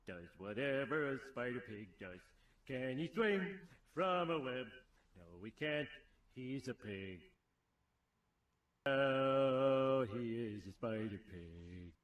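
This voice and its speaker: A man voicing a dopey cartoon dad who slowly croons a goofy song. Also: medium pitch. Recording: tinny, echoey cartoon film clip.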